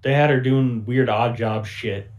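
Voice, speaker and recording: A man's voice: medium pitch, steady tone, unhurried, a little mellow, muffled recording, close to an everyday voice. A man voicing a wary middle-aged male gang member who rambles in a folksy drawl. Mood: uneasy.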